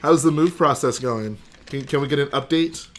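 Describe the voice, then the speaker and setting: A man's voice: mid-range voice, moderate pace, slight background noise. Joking young man streamer. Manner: joking, chatty, responds to chat. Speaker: livestream host. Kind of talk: casual livestream chat.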